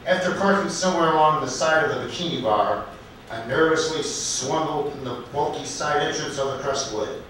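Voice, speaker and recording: A man at an open mic night in a comedy club, telling a story in a halting, deliberate way and correcting himself as he goes. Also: on the high side, a bit bright, a little hiss or hum. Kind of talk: storytelling stand-up set. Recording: echoey club recorded from far off.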